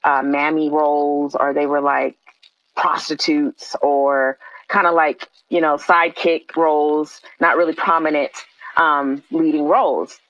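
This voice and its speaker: Female playwright guest, very low voice, earnest and reflective, slightly muffled dry recording. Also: level tone, a bit bright, no echo. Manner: thoughtful, earnest, with frequent pauses and fillers. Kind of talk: podcast interview answer.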